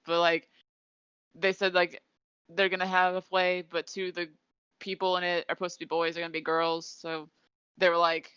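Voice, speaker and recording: A woman's voice: fairly low pitch, little pitch movement, normal speed, a bit bright, clear, resonant tone, no echo, highs cut off. A woman co-hosting a podcast, rambling through a casual episode recap with lots of "like". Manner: rambling retelling, many "like" fillers. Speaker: podcast co-host.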